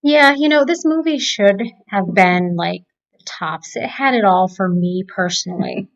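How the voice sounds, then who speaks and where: A woman's voice: medium pitch, animated, measured pace, vocal fry, lo-fi sound. A woman co-hosting a casual movie review chat, talkative and steering the conversation. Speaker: podcast co-host.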